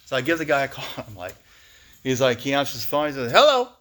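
A man's voice: medium pitch, fast talker, a bit bright. A man giving a candid, emotional personal testimony to a recovery meeting, often laughing as he speaks.

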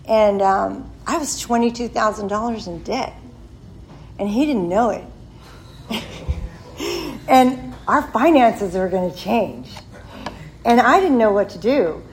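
A woman's voice: medium pitch, animated, slow, pauses often, a little hiss or hum, low-quality recording. A woman in her sixties giving a candid, self-deprecating personal testimony at a recovery meeting. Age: 60s. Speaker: member sharing at a recovery meeting.

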